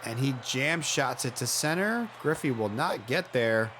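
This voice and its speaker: Guy in his 30s calling a baseball video game, jokey and chatty, mid-pitched voice, noisy hissy recording. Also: measured pace. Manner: chatty, joking play-by-play with excited outbursts. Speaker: play-by-play commentator. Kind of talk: casual video game commentary.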